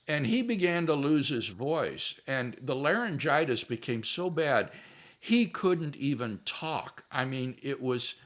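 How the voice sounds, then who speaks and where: An older man, a philosopher telling stories and answering questions in a relaxed, animated way. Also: medium pitch. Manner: animated storyteller, acts out quotes.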